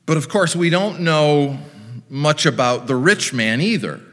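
A male preacher delivers a sermon at an unhurried pace, measured and reflective, with wry asides. His pitch moves freely up and down. The voice carries a long reverb, as if in a church. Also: lively intonation, fairly bright tone.

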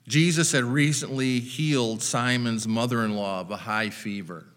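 A man's voice: medium pitch, moderate pace, a bit bright, long reverb tail. A man preaching a sermon as pastor, retelling scripture with wry, dry humor.

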